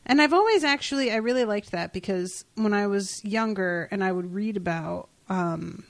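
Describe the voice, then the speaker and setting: A woman hosting a podcast, retelling a comic story in animated, casual chat with casual swearing. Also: mid-range voice, moderate pace, no echo. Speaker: podcast host.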